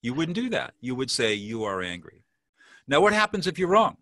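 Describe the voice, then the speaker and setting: A man's voice: on the high side, lively intonation, quick pace, a bit bright, dry recording. A man teaching as an interview guest. He explains with confidence and acts out short example phrases. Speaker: peacemaker and mediation teacher, guest.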